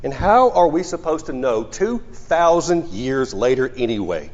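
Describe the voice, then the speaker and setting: A man's voice: mid-range voice, sing-song, unhurried, darkish tone. A man preaching a sermon in a conversational storytelling way, often restarting his sentences. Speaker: pastor. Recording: muffled sound in a reverberant hall.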